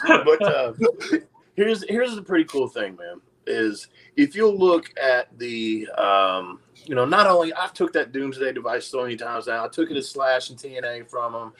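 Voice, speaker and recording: This is a middle-aged man speaking as a podcast guest, looking back on a career in the ring. His voice sits at an ordinary pitch and he tells his stories in a relaxed, rambling way. He swears casually and lets out a chuckle now and then. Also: normal speed, poor audio. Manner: profane, laid-back, chuckling between stories. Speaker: podcast guest, retired pro wrestler. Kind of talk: casual storytelling.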